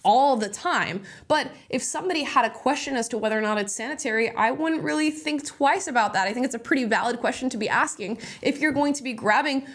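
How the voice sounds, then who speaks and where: A woman's voice: high voice, a little fast, few pauses. A woman hosting casual reaction commentary, sarcastic and opinionated, breaking into laughs often. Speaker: host reacting to videos.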